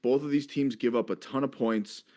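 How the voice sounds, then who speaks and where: A man's voice: mid-range voice, steady tone, normal speed, darkish tone. A man hosting a casual sports betting chat, leading the talk and reeling off statistics. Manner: leads the segment, reels off stats. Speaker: host.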